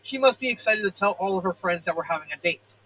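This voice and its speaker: A man reading as a gentle pony teacher. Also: high voice, lively intonation, quick pace, full character voice, rough recording. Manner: soft and mildly puzzled. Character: gentle adult mare schoolteacher.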